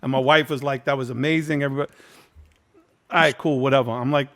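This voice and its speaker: A man in his fifties hosts a casual reunion over a video call, telling a long behind-the-scenes story in a frank, profane way. He acts out other people's lines as he goes, and his voice sits at an ordinary middle pitch. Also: fast talker, long pauses. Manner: candid, profane, animated storyteller acting out quotes. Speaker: host.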